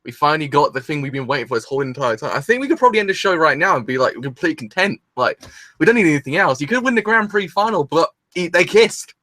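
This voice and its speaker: A young man gushes through his reaction, sighing and exclaiming with rambling restarts. His pitch leaps around animatedly and his tone is bright. The mic is close and dry. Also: animated, fast, no echo. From England. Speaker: anime reaction host. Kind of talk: excited solo reaction video.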